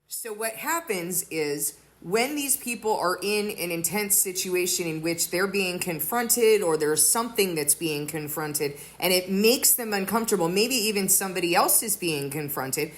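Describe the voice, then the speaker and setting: A woman's voice: fairly low pitch, expressive, measured pace, hardly any pauses. A woman giving an earnest sermon-style teaching, explaining with everyday examples. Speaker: teacher of a faith community.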